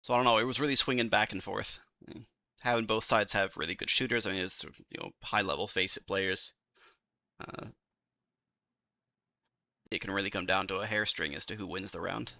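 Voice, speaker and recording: A man's voice: on the low side, steady tone, brisk, gravelly, long pauses, sharp tone, no room sound, dull audio. A man casting an esports match, breaking down rounds and reading out stats in casual analytical chat. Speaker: esports caster. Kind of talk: analysis commentary.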